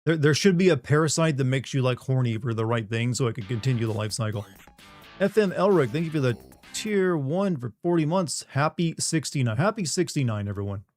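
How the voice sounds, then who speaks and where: A man's voice: medium pitch, animated, a little fast, a little mellow, faint music behind. A middle-aged man from the Southern United States chatting casually on a live stream, rambling, joking and reading chat aloud.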